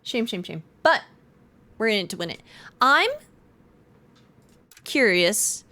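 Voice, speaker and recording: A woman's voice: medium pitch, sing-song, takes it slowly, pushed and bright, a little hiss or hum. A young woman streaming a game, chatting casually and reading menu text aloud. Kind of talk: casual live-stream commentary.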